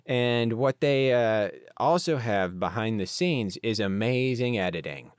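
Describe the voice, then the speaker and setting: A man's voice: medium pitch, expressive, measured pace, clear, resonant tone, no room sound, clean studio sound. A man hosting a solo podcast in a casual, rambling way, wandering into asides. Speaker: podcast host.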